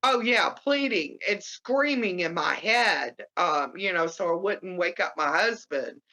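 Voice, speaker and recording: A middle-aged woman, a guest, telling a personal story in a halting way, with many fillers and restarts. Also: expressive, sharp tone. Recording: muffled low-fidelity audio.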